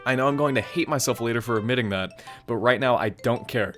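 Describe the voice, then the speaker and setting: A man's voice: medium pitch, fast talker, fairly bright tone, soft background music, close to an everyday voice. A man reading aloud as a worried, sweet teenage girl who pleads for help. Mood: pleading. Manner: earnest, pleading read-aloud. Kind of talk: reading game dialogue aloud.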